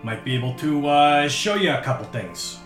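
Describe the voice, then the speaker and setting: A man voicing a gruff, casual female winged creature in a tabletop game, with an offhand, folksy way of talking. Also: fairly high pitch, expressive, normal speed, a bit bright, pitched above the performer's own voice. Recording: roomy with background music.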